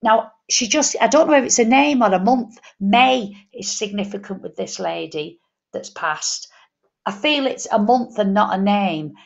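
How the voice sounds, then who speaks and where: A woman's voice: medium pitch, unhurried, gravelly, muffled recording. A woman medium on a live show, passing on spirit messages in a homely way and repeating key phrases. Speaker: psychic medium co-reader. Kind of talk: live online reading show.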